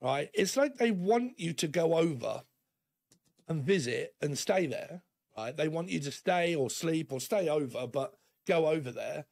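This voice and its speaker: A man with a gravelly, fry-edged voice that sits a little on the high side, giving a chatty, meandering tarot reading. He laughs easily as he talks and slips into playful back-and-forth dialogues to make his points. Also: lively intonation, unhurried, darkish tone. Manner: rambling and chatty, often laughing; acts out imagined dialogues in shifting voices. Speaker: tarot reader.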